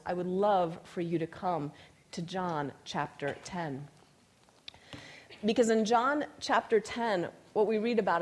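Female preacher, storytelling sermon voice, medium pitch. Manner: storytelling, reads scripture aloud with emphasis. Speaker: speaker.

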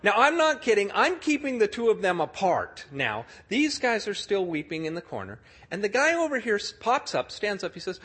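Animated, slightly husky male storyteller. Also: high voice, normal speed, few pauses. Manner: animated storyteller, acts out the people he describes. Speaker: speaker telling a story to an audience. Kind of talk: storytelling sermon.

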